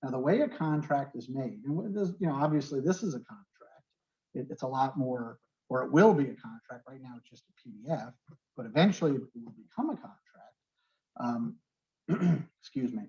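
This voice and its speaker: A man's voice: medium pitch, expressive, moderate pace, darkish tone, lo-fi sound. A man with a New York accent teaching a real estate class and explaining terms with everyday examples, often checking in with "okay". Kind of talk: online class lecture.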